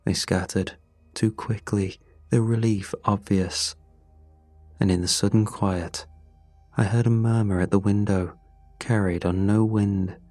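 A man narrating a scripted horror story in a slow, measured, grim way. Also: on the low side, fairly even intonation, dark tone, no room sound. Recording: dry close voice over faint music. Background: faint music.

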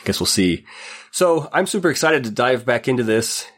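A young adult man with a mid-range voice hosts a podcast at normal speed, sounding congested from a cold. He's chatty and laughs often, telling stories in an animated, casual way.

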